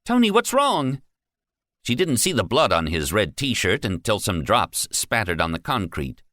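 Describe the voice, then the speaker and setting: A man narrating an audiobook in a deep, lively voice. His tone is bright and forceful. The recording is dry and close. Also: moderate pace, no room sound. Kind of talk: scripted narration.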